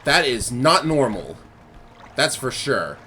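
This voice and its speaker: A man's voice: mid-range voice, big pitch swings, slow pace, pushed and bright, slight background noise. A man hosting a let's play, chatting casually and making wry jokes as he plays. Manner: wry, joking asides. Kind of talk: casual gameplay commentary.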